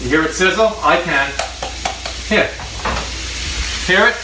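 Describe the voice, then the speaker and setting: A cooking show host with a slightly high voice gives a slow-paced comedic demonstration in his home kitchen. He chats, jokes, laughs at his own lines and repeats points for emphasis, while the echoey kitchen carries clear background noise.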